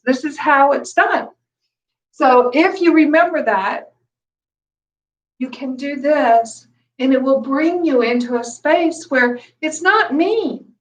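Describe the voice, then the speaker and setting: High-voiced woman teaching meditation, a bit off-mic. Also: recorded from a distance, rough recording. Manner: gentle, conversational, with soft laughs and restarts.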